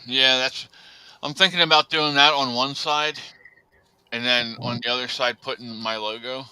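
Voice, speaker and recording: Bright, smooth-voiced man chatting casually. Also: medium pitch, steady tone, normal speed, no echo, poor audio. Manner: rambling, frequent fillers, blunt. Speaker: podcast host. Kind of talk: casual chat.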